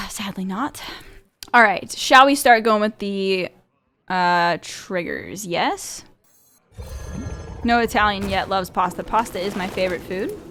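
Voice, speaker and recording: A woman's voice: medium pitch, takes it slowly, bright, forceful tone. Chatty woman streaming a card game. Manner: chatty, laughs easily, thinks aloud. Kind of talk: casual gameplay commentary.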